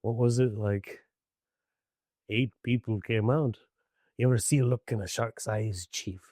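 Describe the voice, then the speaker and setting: A man doing a low, gruff impression of a drunk old sea captain who hunts sharks. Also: fairly even intonation, measured pace, mellow, dry recording, studio quality.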